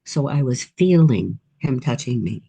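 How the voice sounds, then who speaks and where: A woman's voice: extremely low pitch, animated, unhurried, gravelly, warm tone, slightly rough. A woman in her eighties, an author guest telling life stories in a reflective, encouraging way. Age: 80s. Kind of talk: casual interview storytelling.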